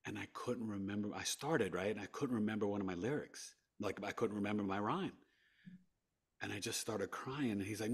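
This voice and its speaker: This podcast guest is a New York man with a New York accent whose voice is fairly low and husky, and he talks fairly quickly. He narrates his story animatedly, acting out quotes and often breaking into laughter.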